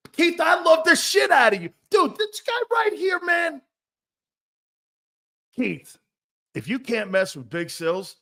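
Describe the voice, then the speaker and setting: A middle-aged man hosts a casual sports talk show, brash and profane, often laughing as he riffs and reads out viewer comments. His voice sits high and has a fairly bright tone.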